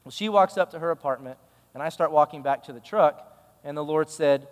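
A man's voice: fairly high pitch, a little fast, long reverb tail. A male pastor giving a sermon, telling a story in a conversational, emphatic way.

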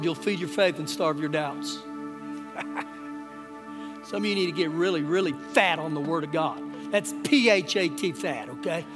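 A man preaching a live sermon as pastor, emphatic, repeating phrases and swinging between loud and hushed. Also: a little high. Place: church sanctuary during a service. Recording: long hall reverb, faint guitar.

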